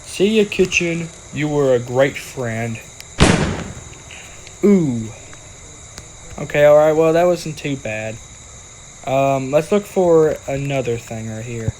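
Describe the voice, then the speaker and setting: A man's voice: mid-range voice, expressive, slow pace, pauses often, noisy background. A young man giving casual, playful commentary over a video game and joking with the characters on screen. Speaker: gaming video creator.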